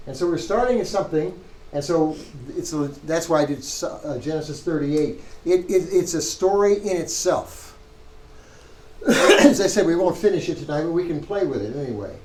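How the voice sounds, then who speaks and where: A man teaching a Hebrew reading class, thinking aloud with halting restarts as he parses the text. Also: on the high side, expressive, darkish tone, reverberant, rough recording. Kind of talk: classroom lecture.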